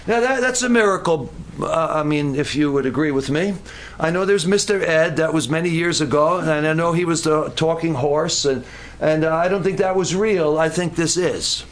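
High-voiced preacher telling a story. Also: male voice, moderate pace. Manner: animated storytelling with jokey asides and stumbling restarts. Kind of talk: sermon.

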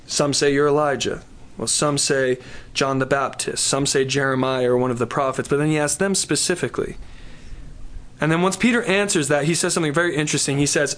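A man delivers a sermon to a congregation, his voice a little higher than most men's. He preaches emphatically and builds to exhortation, then moves into prayer. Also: moderate pace, fairly bright tone. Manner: slips into prayer. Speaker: pastor. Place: church service.

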